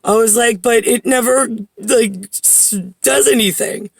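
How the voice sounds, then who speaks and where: A woman's voice: on the high side, steady tone, unhurried, no echo. A woman telling a long personal story in a rambling way, full of "like" fillers and blunt swearing. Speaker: vlogger.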